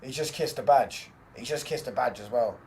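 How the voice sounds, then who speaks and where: A man's voice: medium pitch, moderate pace, darkish tone. Slangy young man hosting a football watchalong. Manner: slangy, chatty banter reacting to chat and live match. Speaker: watchalong streamer. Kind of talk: casual live football watchalong chat.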